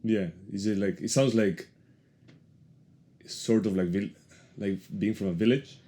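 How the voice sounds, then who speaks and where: Male host, Spanish accent, very deep, rambling conversational questions. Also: fairly even intonation, a little slow, warm tone. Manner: rambling, searching for words. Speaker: podcast host. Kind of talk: casual interview talk.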